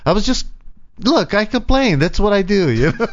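A man tells a story in loose, casual chat. His voice sits fairly high and swings widely as he complains and laughs through it. The recording sounds dull and lo-fi. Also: sing-song, moderate pace.

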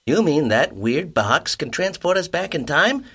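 A man's voice: fairly high pitch, very animated, measured pace, heavy background noise, pitched above the performer's own voice. A man voicing a nervous, awkward young male bear in a cartoon, who stammers and talks himself up. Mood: hopeful. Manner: anxious, stammering, self-pepping. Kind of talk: cartoon voice acting.

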